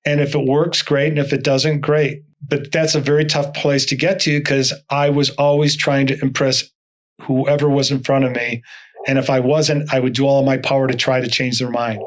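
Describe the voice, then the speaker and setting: An older man, a motivational speaker, appears as an interview guest and tells stories in an animated way, acting out the dialogue. His voice is mid-range and his pace moderate.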